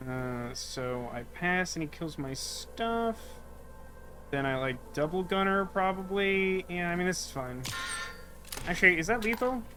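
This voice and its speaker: A man's voice: high-pitched, lively intonation, unhurried, over music. A male streamer giving casual gameplay commentary, thinking aloud and muttering to himself.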